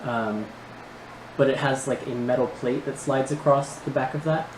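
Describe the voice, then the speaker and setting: A man's voice: mid-range voice, fairly even intonation, normal speed, reverberant, a little hiss or hum, low-quality recording. A man narrating a tabletop game as game master, laid-back and hesitant, with many ums and restarts.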